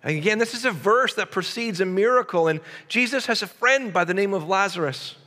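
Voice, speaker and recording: A male pastor preaching a sermon, with emphatic repetition and quick asides to the congregation. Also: high-pitched, lively intonation, sharp tone, in a large hall.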